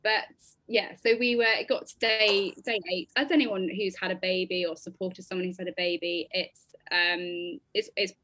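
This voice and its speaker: A woman in her thirties, a podcast guest telling her personal story in an animated, expressive way with lots of ums. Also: on the low side, normal speed, dry recording.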